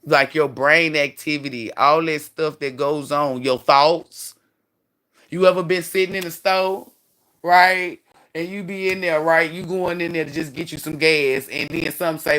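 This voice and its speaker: A man's voice: a little high, fairly even intonation, moderate pace, sharp tone, smooth. A man hosting a spiritual livestream, preaching in a profane, rambling way. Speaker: livestream host.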